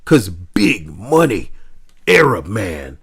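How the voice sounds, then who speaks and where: Give me a man streamer chatting casually, with a very lively pitch that swings from loud outbursts to low muttering. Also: slow pace, husky. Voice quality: swearing often. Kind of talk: casual live-stream chat.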